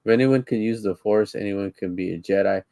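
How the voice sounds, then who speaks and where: A man's voice: lowish voice, fairly quick, warm tone, no echo. Rambling, laid-back man on a dry mic. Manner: rambling, repeats words when starting sentences, laughs easily. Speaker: co-host of a live-streamed podcast. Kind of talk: casual live-stream chat.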